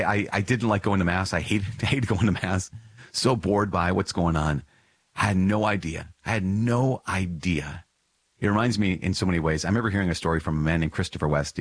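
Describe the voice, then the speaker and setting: Male podcast host with a slightly husky voice, reading and reflecting on a religious text in an earnest, emphatic way. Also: sits low, no echo, rough recording. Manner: earnest, repeats key phrases for emphasis.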